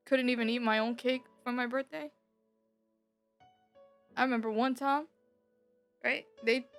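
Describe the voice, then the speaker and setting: A young woman telling a personal story in a casual, rambling way. She swears freely, repeats herself, and gets louder when she is upset. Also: a little high. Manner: bitter and emotional, voice rising when upset. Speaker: streamer.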